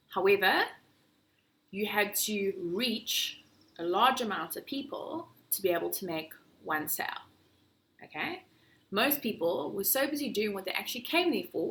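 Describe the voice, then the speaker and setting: Bright, lively businesswoman presenting. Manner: lively, acts out sales pitches in a chirpy voice. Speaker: marketing agency director.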